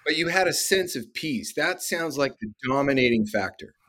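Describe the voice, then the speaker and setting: A man's voice: medium pitch, animated, normal speed, a bit bright, slight background noise. A man co-hosting a podcast, cutting in with short, probing follow-up questions for his guest. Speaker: podcast co-host. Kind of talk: interviewing.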